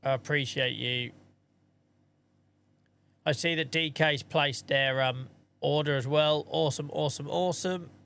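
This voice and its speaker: A man's voice: fairly high pitch, fairly even intonation, a little slow, vocal fry, long pauses, fairly bright tone, smooth. Chatty man streaming a game. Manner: chatty, thanks viewers, mutters asides to himself. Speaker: live streamer. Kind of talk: casual live-stream chat while gaming.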